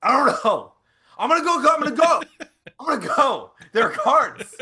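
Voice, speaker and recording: A man voicing an abrasive, rushed man phoning a shop to sell his cards, talking quick and loud. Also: extremely high pitch, sing-song, voice pushed up, full character voice. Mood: shouting.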